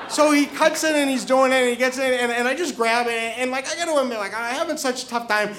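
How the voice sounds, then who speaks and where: A man's voice: extremely high pitch, fairly quick, crowd noise. A man telling a personal story, stammering and repeating words, chuckling as he goes.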